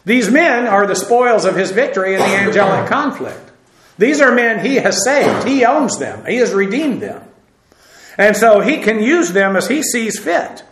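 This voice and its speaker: Male Bible teacher, high, bright voice, echoey room, walks through Greek grammar, spells terms aloud, lots of "uh". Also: big pitch swings, normal speed. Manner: explains Greek grammar, spells words out letter by letter; frequent "uh" fillers, self-deprecating asides.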